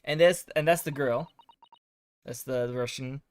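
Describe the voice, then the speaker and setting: A man's voice: mid-range voice, normal speed, darkish tone, clean tone. A male streamer casually recapping a game's story, rambling with lots of fillers. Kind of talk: casual game recap chat.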